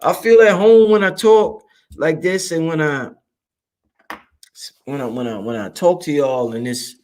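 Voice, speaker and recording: A man, hosting a show in a loud, excitable monologue that swings up and down and breaks into laughter. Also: measured pace. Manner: loud, excitable, swings high and low, laughs often, swears freely. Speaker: show host. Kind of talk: animated livestream monologue.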